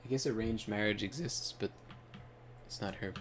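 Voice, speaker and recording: A man's voice: fairly low pitch, normal speed, slight background noise. A man hosting a gaming channel, telling rambling, offhand stories while he plays. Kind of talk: casual gaming commentary.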